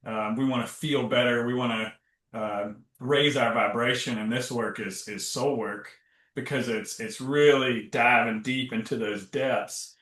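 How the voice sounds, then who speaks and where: A man's voice: mid-range voice, fairly even intonation, a little slow, fairly bright tone. A man hosting a podcast interview, reflective and searching as he speaks, with many fillers. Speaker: podcast host and somatic coach. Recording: echoey room.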